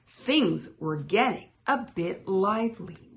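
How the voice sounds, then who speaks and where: Slow, expressive woman reading a story. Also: fairly low pitch. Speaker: storytime reader. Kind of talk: children's picture-book read-aloud.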